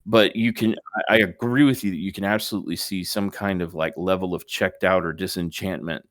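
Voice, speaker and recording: A man's voice: low voice, a little fast, dry recording, studio quality. A man co-hosting a podcast, chatting casually and sarcastically about wrestling. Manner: sarcastic, animated when joking. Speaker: podcast co-host.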